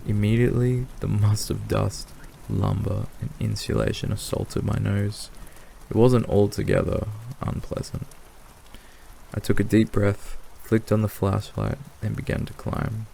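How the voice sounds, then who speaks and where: Gravelly low-voiced male horror narrator. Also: little pitch movement, unhurried, dark tone, a little hiss or hum, low-quality recording. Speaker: storyteller. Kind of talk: scripted narration of horror stories for sleep.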